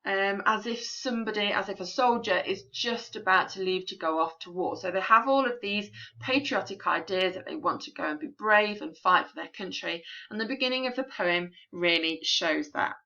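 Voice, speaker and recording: A woman teacher talks through a poem for a recorded remote lesson, patient and clear with plenty of ums. Her voice is bright and forward. The sound is a little dull and lo-fi, like a home recording. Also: medium pitch, moderate pace, few pauses. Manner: clear, patient classroom explaining with frequent ums.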